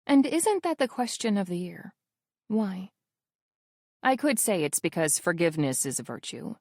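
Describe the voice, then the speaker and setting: A woman's voice: mid-range voice, very animated, moderate pace, darkish tone, dry recording, studio quality. A woman narrating a romance audiobook in the first person, wry and intimate in her telling.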